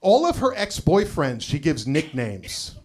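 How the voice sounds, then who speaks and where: A middle-aged man doing a live stand-up set, telling stories in a loose conversational way with deadpan punchlines and lots of "you know" asides. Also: on the high side, measured pace. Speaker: stand-up comedian.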